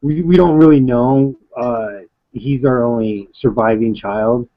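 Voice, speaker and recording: A man hosting a live broadcast, chatting casually about his young son in a halting, hesitant way. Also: mid-range voice. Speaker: father and stream host. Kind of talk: casual chat. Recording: dull lo-fi sound.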